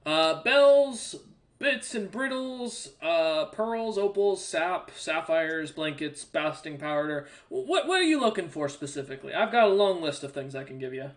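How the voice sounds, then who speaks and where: A man's voice: on the high side, animated, a little slow. A man voicing a plain, chatty male orc shopkeeper who rattles off long lists of wares. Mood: salesy.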